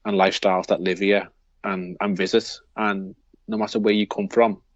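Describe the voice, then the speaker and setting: A man's voice: deep voice, flat delivery, moderate pace, no echo, dull audio. A man with a Liverpool accent co-hosting a football podcast, talking in a rambling way with many restarts. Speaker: podcast co-host. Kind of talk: casual football chat.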